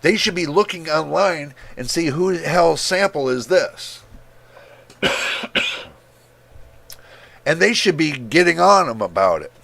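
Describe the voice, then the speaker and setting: A man's voice: on the high side, animated, slow pace, creaky, pauses often, a bit bright. A man hosting a tech livestream as a reviewer, talking in a heated, emphatic way and repeating words for stress, with an occasional cough. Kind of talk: casual livestream rant.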